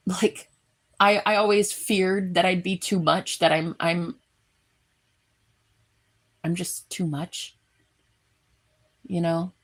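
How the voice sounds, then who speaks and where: A woman talking in a heartfelt, rambling vlog, full of halting restarts. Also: lowish voice, little pitch movement. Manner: earnest and effusive. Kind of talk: emotional personal vlog.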